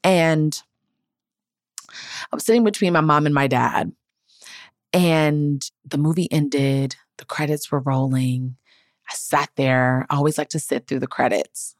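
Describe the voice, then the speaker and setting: Low-voiced woman, earnest and heartfelt. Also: fairly even intonation, a little slow, pauses often, no echo, clean studio sound. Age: 30s. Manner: earnest and emotional, reflective. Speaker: podcast host. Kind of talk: heartfelt personal storytelling.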